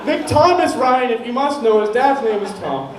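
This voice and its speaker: A young stand-up comedian tells a rambling, profane story in a small comedy venue, laughing at his own jokes. His voice is extremely high and expressive, at normal speed. The room is echoey, the mic sounds far away, and there's some noise.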